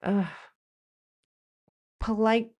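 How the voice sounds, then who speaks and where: A woman's voice: fairly high pitch, level tone, slow, a little mellow. An American woman vlogging in a wry, playful commentary style, now and then slipping into quoted phrases. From United States. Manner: wry, playful, shifts into mock-British quotes. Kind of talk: chatty commentary.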